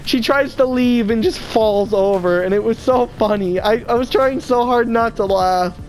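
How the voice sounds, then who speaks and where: A woman's voice: moderate pace, faint music behind, poor audio. Chatty young woman telling a story. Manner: animated, mimics a drunk stranger in a high wail. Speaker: podcast co-host. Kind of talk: casual storytelling chat.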